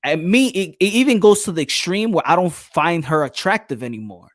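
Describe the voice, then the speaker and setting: A man with a New York accent riffs through a loose, joking chat, full of slang and quick laughs. His voice sits a bit high. The sound is close and dry, with no room around it. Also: lively intonation, no room sound. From New York City. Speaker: podcast host. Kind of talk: casual chat.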